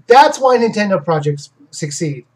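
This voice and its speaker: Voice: mid-range voice, sing-song, moderate pace, husky, low-quality recording. A game reviewer hosting a casual live question session who rambles, restarts sentences and gives opinions on games. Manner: rambling, self-correcting, many restarts.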